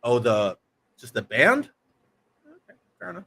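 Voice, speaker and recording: A man hosts a relaxed livestream. He talks at an everyday middle pitch in a loose, easygoing way. He reads out viewer comments and keeps up a joking back-and-forth with his co-host. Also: a little slow, a little hiss or hum. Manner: chatty, reads viewer comments aloud and jokes around. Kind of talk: casual livestream chat.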